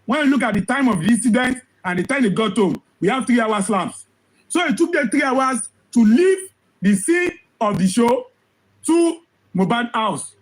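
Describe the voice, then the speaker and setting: A man giving impassioned commentary, hoarse from losing his voice, firing off rhetorical questions and repeating phrases for emphasis. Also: very high voice, expressive, moderate pace, low-quality recording. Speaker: social commentator.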